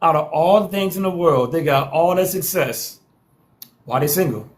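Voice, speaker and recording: A man's voice: on the high side, moderate pace. A man hosting a live call-in panel show, talking in a slangy, teasing way and repeating lines for effect. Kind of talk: casual live-stream talk.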